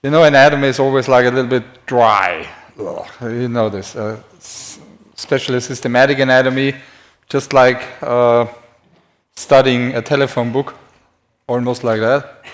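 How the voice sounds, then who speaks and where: A man's voice: mid-range voice, steady tone, moderate pace. A man who speaks natively gives a live-streamed anatomy lecture in English, chatty and self-deprecating, writing on a board as he talks.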